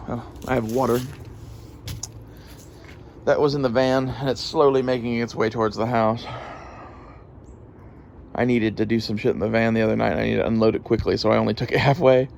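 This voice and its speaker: Gravelly-voiced man rambling casually. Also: mid-range voice, steady tone, normal speed, long pauses, a little mellow, a little hiss or hum. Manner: casual, profane, rambling with fillers. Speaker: gun channel vlogger. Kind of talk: casual rambling gear talk.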